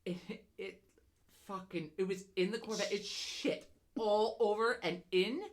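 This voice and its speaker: A woman's voice: medium pitch, fairly even intonation, a little slow. A woman from central Pennsylvania co-hosting a casual podcast, telling stories with lots of swearing and giggling. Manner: profane, giggly storyteller. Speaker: podcast co-host. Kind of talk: casual chat.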